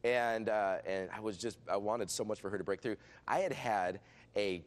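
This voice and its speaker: A middle-aged man, a pastor, telling a lively healing testimony as an interview guest, with frequent restarts and acted-out quotes. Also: fairly low pitch, normal speed. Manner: excitable, restarts often, acts out quoted voices. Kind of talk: animated storytelling testimony.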